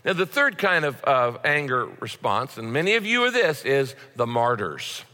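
A man's voice: mid-range voice, very animated, moderate pace, bright, forceful tone. A man preaching a sermon as a pastor, in a conversational way with frequent repeated words. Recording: long hall reverb.

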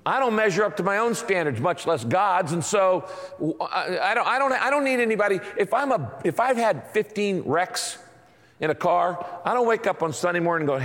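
A man preaching a sermon as pastor, telling stories in a lively way and acting out quotes. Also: sits high, moderate pace, big-room sound. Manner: animated storytelling with acted-out quotes.

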